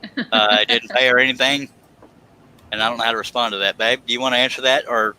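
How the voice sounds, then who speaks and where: A man's voice: mid-range voice, steady tone, fast talker, pushed and bright, clean tone, low-quality recording. Joking man. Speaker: live stream host. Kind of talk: casual chat. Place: workshop.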